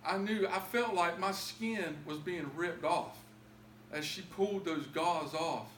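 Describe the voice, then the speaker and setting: A man giving a heartfelt personal testimony, stumbling over and repeating his words as the feeling rises. His voice sits a little on the high side. The recording has an echoey room with a faint hum behind him. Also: slow pace, a bit bright. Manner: emotional, repeats words, builds to cries. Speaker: testimony speaker.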